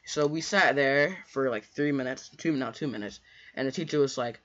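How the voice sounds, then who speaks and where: A man's voice: mid-range voice, normal speed, a bit bright. A man telling a school story in a casual, rambling storytime monologue, full of fillers, restarts and slangy asides. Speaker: storyteller vlogger. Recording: dull lo-fi recording.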